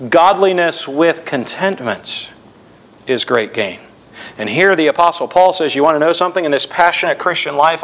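A middle-aged male pastor preaching a sermon, slowing down and dropping his voice for emphasis. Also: on the high side. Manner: preaching with emphatic slowdowns and dramatic drops in volume. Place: church. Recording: dull lo-fi church recording.

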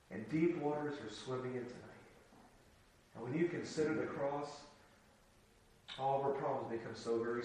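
A man preaching a sermon, moving from soft asides to shouted exclamations, telling stories with humor. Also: medium pitch, moderate pace, pauses often, slight background noise. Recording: echoey hall, from far off.

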